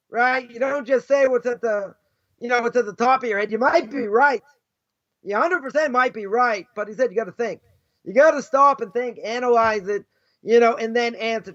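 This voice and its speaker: A man, a rabbi, giving an informal talk on Jewish ethics, often asking "right?" and acting out the voices in his stories. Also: very high voice. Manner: animated, repeats "right?" often, acts out quoted voices. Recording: dull lo-fi sound.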